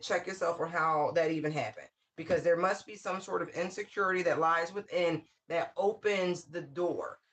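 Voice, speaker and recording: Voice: medium pitch, fairly bright tone, a little hiss or hum. A tarot reader giving a casual spiritual reading, talking candidly with frequent profanity, wry asides and bursts of laughter. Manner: laughs often mid-sentence.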